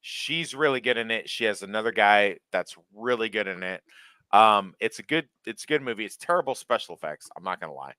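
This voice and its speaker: Energetic male co-host, sharp bright tone, dry close mic. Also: on the low side, fairly quick, smooth, dry recording. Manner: animated, restless, swears, trails off. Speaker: podcast co-host. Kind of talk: casual late-night chat.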